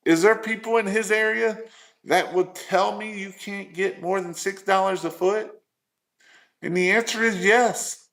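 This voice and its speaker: A man's voice: fairly high pitch, a bit bright. A man coaching small business owners in a live stream, earnest and repetitive, firing off rhetorical questions.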